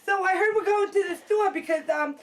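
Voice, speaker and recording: A woman playing an excitable, gushing young woman in a comedy sketch, rambling breathlessly. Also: very high voice, a little fast. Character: giddy, excitable young woman Josephine, wears glasses.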